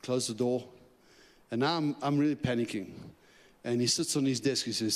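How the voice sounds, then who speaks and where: A man preaching as a guest speaker, telling a personal story with lively, chuckling asides in which he acts out his own thoughts. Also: medium pitch, a little fast. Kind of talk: sermon storytelling. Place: church sanctuary. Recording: long church hall reverb.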